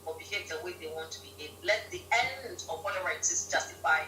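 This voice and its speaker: A woman from Ghana, a guest on a live-stream interview, telling stories in an animated way and laughing often. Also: lowish voice, fast talker, crowd noise. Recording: roomy, distant mic with faint hum.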